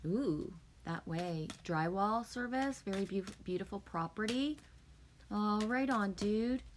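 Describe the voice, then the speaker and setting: A woman's voice: medium pitch, slow pace, a little hiss or hum. A woman chatting casually with viewers on her live stream, swearing often and sometimes calling herself "me".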